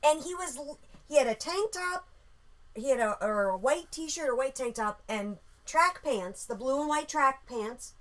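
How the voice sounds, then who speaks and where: A woman casually telling a story about a dream, animated and swearing freely. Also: high-pitched, measured pace.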